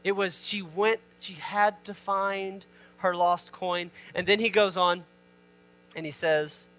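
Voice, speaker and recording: Guy pastor with a pretty high voice, preaching casual, reads the verses then explains them, asks the crowd questions. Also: fairly even intonation, slow pace, fairly bright tone. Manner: informal, asks the listeners questions; reads scripture aloud and explains it. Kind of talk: conversational sermon.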